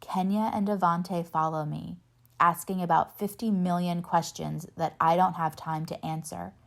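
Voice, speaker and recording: A woman reading a novel aloud in steady first-person narration, lightly voicing the dialogue. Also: lowish voice, normal speed, creaky. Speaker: reader.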